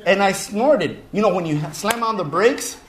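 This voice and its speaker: A man casually telling a story to listeners, animated and chuckling as he goes. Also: high-pitched, moderate pace. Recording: roomy echo.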